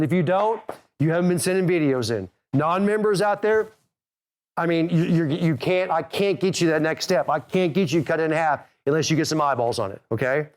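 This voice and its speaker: A middle-aged man coaching golfers in an energetic, direct way. He talks quickly, pushes his listeners, and checks in with "okay?" again and again. His voice sits high for a man. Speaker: golf instructor and podcast host.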